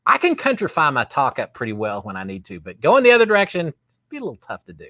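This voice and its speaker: Guy rambling on his live show, bright voice, pitch bouncing all over, reads chat comments. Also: wildly swooping pitch, quick pace, no room sound, studio quality. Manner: rambling, self-deprecating, laughs often. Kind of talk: casual live-stream chat.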